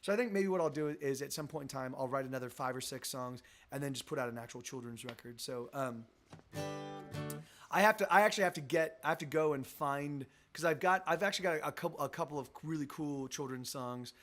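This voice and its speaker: A man's voice: mid-range voice, fairly quick, a bit bright, soft background music. A man, a musician streaming live, chatting loosely with his viewers between songs, rambling and thinking aloud as he thanks them.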